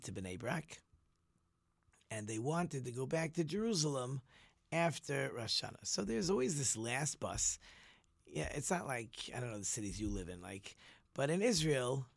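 Animated male storyteller, dry sound. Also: medium pitch, creaky, dry recording. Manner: animated, repeats words, acts out quotes. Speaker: storyteller and teacher. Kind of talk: casual storytelling talk.

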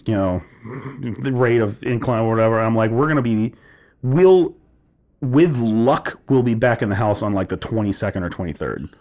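Animated, swearing man telling a story. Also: lowish voice, moderate pace. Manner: animated, swears freely, many "like" fillers. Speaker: podcast co-host telling a story. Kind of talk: casual storytelling chat.

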